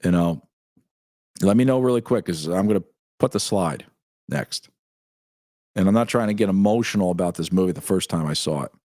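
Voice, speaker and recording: A man's voice: deep voice, expressive, a little fast, pauses often, darkish tone, dry recording, clean studio sound. A man in his forties hosting a casual live stream, laughing often as he reads viewer comments aloud. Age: 40s. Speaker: show host.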